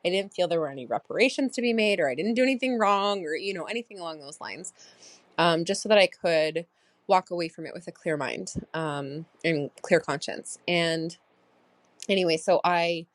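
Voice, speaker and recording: Woman, thirties, low voice, reflective, rambling, diary podcast, dry close recording. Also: moderate pace, dry recording. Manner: reflective, rambling, many fillers. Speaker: podcast host.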